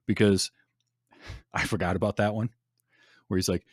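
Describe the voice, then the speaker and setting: Man, podcast host, low voice, dry close mic, enthusiastic, laughs a lot. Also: fairly even intonation, unhurried, dry recording. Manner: enthusiastic, laughs often, many restarts. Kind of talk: casual chat.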